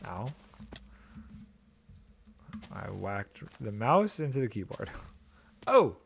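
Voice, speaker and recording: A man's voice: on the low side, very animated, takes it slowly, vocal fry, slightly rough. A man streaming a video game, chatting casually and thinking aloud, mildly exasperated and joking as he plays, talking into a desk microphone. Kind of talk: casual gameplay commentary.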